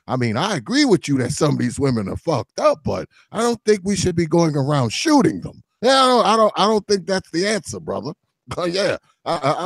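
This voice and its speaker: Gravelly, lively-voiced man hosting. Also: a little high, no echo. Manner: loose and profane, laughs often. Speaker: podcast host. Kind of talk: casual chat.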